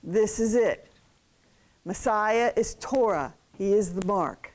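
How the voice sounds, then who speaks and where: A woman co-teaching a class, earnest and a little halting as she explains word meanings at a board. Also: medium pitch, darkish tone. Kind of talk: explaining at a whiteboard.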